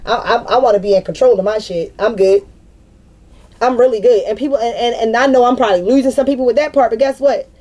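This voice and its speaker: A woman's voice: on the high side, fast talker, dark tone. A woman in her thirties venting to camera in a spiritual vlog, blunt and profane, and she repeats herself for emphasis. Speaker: spiritual vlogger. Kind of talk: unscripted venting monologue.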